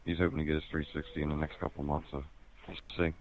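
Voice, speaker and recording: A man's voice: rumbling low, level tone, rapid-fire, a little hiss or hum. A man in casual chat with friends, laid-back and jokey.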